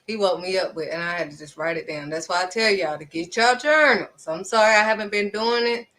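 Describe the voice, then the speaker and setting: A woman's voice: medium pitch, a little fast, background noise. A woman speaking earnestly and conversationally, giving spiritual encouragement with dramatic little asides. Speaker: faith vlogger.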